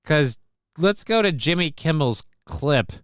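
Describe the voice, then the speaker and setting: An expressive podcast host with a voice on the high side delivers a heated political rant from his home studio, a little slowly and with background noise. He's angry, sarcastic and profane.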